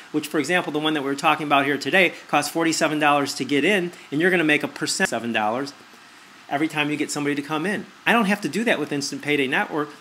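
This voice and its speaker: A man's voice: on the high side, bright, forceful tone, a little hiss or hum. A man giving a persuasive screen-recorded review, repeating his points and asking rhetorical questions. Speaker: online marketer.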